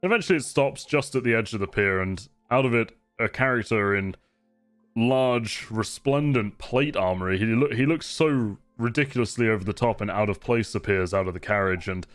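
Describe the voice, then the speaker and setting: A man narrating as game master, describing scenes in a relaxed, rambling, descriptive way. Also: on the low side, moderate pace, clear, resonant tone, dry recording, faint music behind. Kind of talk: improvised tabletop narration.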